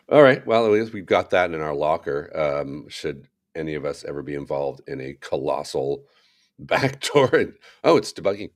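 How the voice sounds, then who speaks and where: A man's voice: extremely low pitch, normal speed. A man co-hosting a tech podcast, chatting casually with wry, sarcastic asides. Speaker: podcast co-host.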